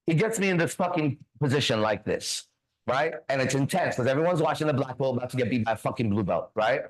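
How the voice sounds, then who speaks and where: A man hosting a faith talk show, telling a story in a casual, profane, animated way and acting out the other voices. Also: mid-range voice, fast talker, rough recording. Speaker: ministry host.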